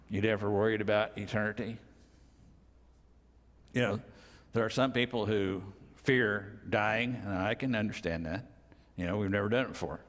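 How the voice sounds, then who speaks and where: An older man in his sixties preaching a sermon in a plainspoken, folksy way, with slow, emphatic pauses. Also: fairly low pitch. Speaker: pastor. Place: church sanctuary. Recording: reverberant church hall.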